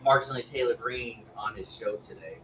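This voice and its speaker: A man's voice: medium pitch, fairly even intonation, normal speed, bright, forceful tone, slight background noise. A man on a casual political chat show, speaking hesitantly and often trailing off. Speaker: panelist. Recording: roomy echo.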